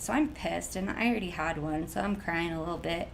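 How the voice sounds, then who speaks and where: Gravelly woman telling a story. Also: lowish voice, brisk, few pauses, a little hiss or hum, low-quality recording. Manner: animated, blunt. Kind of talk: casual storytelling.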